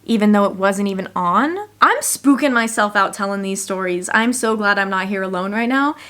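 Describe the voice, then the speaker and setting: A young woman vlogging from her one-room home, telling spooky stories in a chatty, animated way with lots of "like.". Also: medium pitch, normal speed. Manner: chatty, animated, says "like" often. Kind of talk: casual storytelling to camera.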